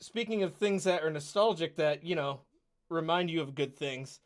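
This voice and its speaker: A man's voice: a little high, moderate pace. A man co-hosting a podcast, chatting casually, chiming in with wry remarks and a few restarts. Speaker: podcast co-host. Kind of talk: casual chat.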